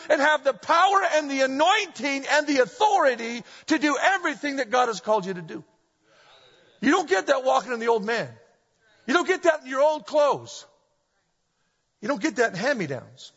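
Husky high-voiced preacher in an echoey hall. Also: male voice, moderate pace. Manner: animated preaching with humorous storytelling. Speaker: pastor. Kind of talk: sermon. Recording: dull echoey hall recording.

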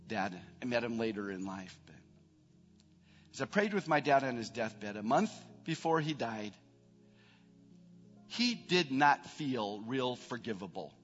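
A middle-aged man, a pastor, preaching a sermon, building to emphatic peaks and then dropping into soft prayer. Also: medium pitch. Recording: long reverb, dull band, faint music.

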